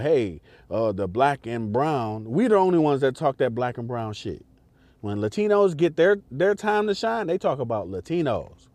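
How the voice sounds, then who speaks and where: A man's voice: medium pitch, darkish tone, no echo. Emphatic man ranting on a podcast. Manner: emphatic, repetitive, profane, preaching directly to listeners. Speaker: podcast host. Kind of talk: impassioned political commentary monologue.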